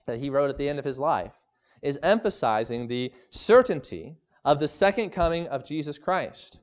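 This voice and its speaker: A man's voice: a little high, a little mellow, smooth. Emphatic male pastor preaching. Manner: emphatic preaching, slowing down for scripture quotes. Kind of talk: sermon.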